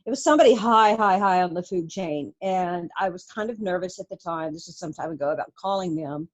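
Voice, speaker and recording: A woman's voice: on the low side, brisk. A middle-aged woman, a true crime author, telling stories in a casual interview and laughing often.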